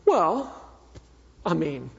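A man preaching a sermon as a minister, telling a personal story in an earnest way that swings between fervent and hushed. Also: on the high side, very animated, drawn-out words, gravelly, husky. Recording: echoey hall, dull sound.

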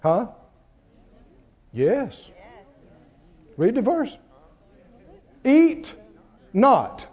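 A man preaching a sermon, folksy and animated, often laughing and acting out people in low mock voices. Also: very slow, long pauses, breathy edge, lo-fi sound.

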